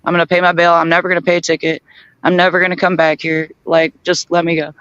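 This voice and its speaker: A man telling a story in a casual group chat, animated, acting out both sides of the conversation and laughing often. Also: a little high, fast talker, clean tone, no echo, muffled recording. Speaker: guest on a group chat show.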